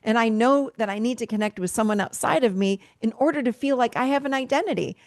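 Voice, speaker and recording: A woman in her fifties speaks as a guest therapist, telling her stories with animated energy and voicing the people in them. Her voice sits on the higher side. The sound is dry and close, with no room around it. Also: fast talker, no room sound. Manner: animated storyteller, acts out quoted dialogue. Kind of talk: candid conversational interview.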